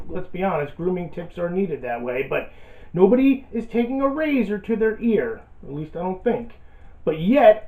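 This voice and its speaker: A man's voice: high-pitched, a little mellow. A man delivering a sarcastic, self-deprecating comedic rant as a vlogger. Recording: echoey, tinny phone-like audio.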